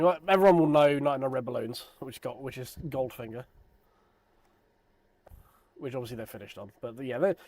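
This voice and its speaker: Man in his thirties, sim racing streamer, loose self-deprecating chatter, mid-pitched voice. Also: darkish tone. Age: 30s. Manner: rambling, self-deprecating, joking. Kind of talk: casual live stream chat.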